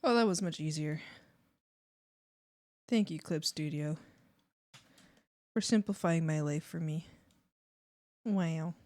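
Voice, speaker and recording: Slow-talking playful woman streamer. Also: deep voice, a little mellow. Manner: playful, rambling, jokey. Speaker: art streamer. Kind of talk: casual chat while drawing.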